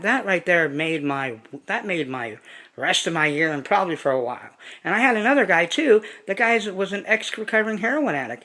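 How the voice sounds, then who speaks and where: A man's voice: sits high, sharp tone. Guy ranting to his subscribers, swears a lot, rambles on and on. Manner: rambling, profane and emphatic. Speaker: hobby vlogger. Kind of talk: casual chat to camera.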